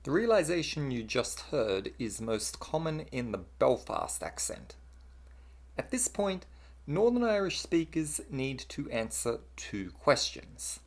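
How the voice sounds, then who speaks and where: A narrator reading a scripted lesson on accents and vowel sounds in an explanatory way. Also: mid-range voice.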